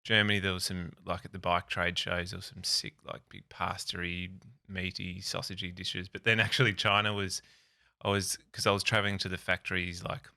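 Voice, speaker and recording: Here is a laid-back Australian man with a lowish voice that still cuts through with a bright, forceful edge. He rambles through his stories on a dry, close-miked podcast track. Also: level tone, brisk, gravelly, no echo. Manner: laid-back storytelling with lots of "like" and "mate". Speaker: guest, host's brother. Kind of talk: casual podcast chat.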